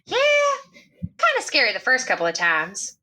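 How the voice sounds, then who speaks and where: A woman's voice: medium pitch, huge pitch swings, normal speed, sharp tone, pitched below the performer's own voice, heavily acted. A woman playing a sweet-talking asylum nurse. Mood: coaxing. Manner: sweet, coaxing, calls patient honey. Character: soothing female asylum nurse.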